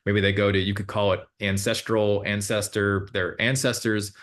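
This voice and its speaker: Male hypnotherapist guest, somewhat low voice, easygoing and rambling, many fillers. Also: moderate pace. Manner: relaxed, meandering, with many fillers and self-corrections. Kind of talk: casual interview explanation.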